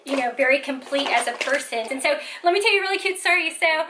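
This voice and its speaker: A woman's voice: high-pitched, lively intonation, quick pace, background noise. A woman telling stories in a casual vlog, chatty and full of "like" and "you know". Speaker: parent vlogger.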